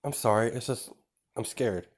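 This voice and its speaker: Brief: man doing a scheming vampire girl playing helpless, soft and halting, slightly raised, fan storytelling. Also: mid-range voice, voice pushed up, natural voice. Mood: timid. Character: amnesiac young vampire woman, sly, feigning fear.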